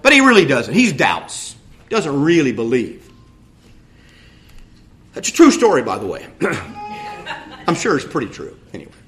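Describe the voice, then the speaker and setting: A middle-aged man with a drawl gives a conversational sermon from the pulpit. His delivery is folksy and animated, with plenty of asides, and his pitch swings widely from phrase to phrase. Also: slight background noise. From United States. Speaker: pastor.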